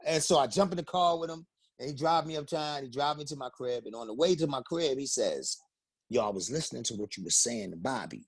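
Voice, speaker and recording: A man's voice: mid-range voice, fairly quick, husky, no echo. A man, telling stories casually in an interview and acting out quotes. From the Bronx, New York. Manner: animated storyteller, acts out quotes in raised voices. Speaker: interview guest, rapper and singer. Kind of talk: casual storytelling.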